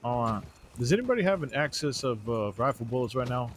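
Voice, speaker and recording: A man at a middle pitch speaks quickly in character during a western roleplay. He hesitates and apologizes, tripping over his words. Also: lively intonation, slight background noise.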